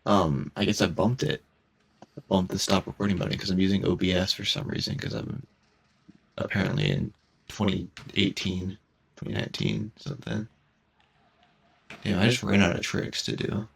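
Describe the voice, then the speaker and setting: A man's voice: deep voice, creaky, breathy edge. A young man rambling hesitantly while commenting on his own gameplay, often restarting his sentences, recorded on a cheap home mic. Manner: hesitant, halting, many restarts.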